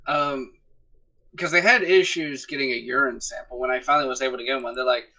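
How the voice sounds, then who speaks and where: A man's voice: medium pitch, steady tone, a little fast, pushed and bright, rough recording. A man co-hosting a podcast in casual chat, wry and profane, with laughs between his phrases. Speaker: podcast co-host.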